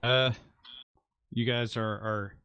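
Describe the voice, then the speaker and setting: A man narrating as game master of a tabletop game, halting and full of uhs. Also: mid-range voice, steady tone, bright, forceful tone, smooth, no echo, muffled recording.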